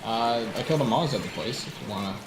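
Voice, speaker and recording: A man's voice: medium pitch, animated, fast talker, roomy sound, noisy background. A man chatting in a laid-back, rambling way while playing a video game with a friend. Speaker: game streamer. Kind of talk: casual gaming chat. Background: game music.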